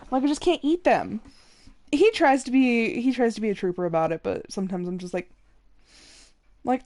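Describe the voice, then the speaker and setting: Chatty young woman streamer, high-pitched, casual, often laughing. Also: brisk, warm tone. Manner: chatty, laughs often, quotes others in raised voice. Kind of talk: casual chat while gaming.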